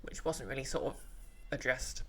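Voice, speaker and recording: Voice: medium pitch, expressive, normal speed, slight background noise. A streamer playing a game and chatting with viewers in a rambling, casual way, full of fillers and restarts. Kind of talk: casual game livestream chat.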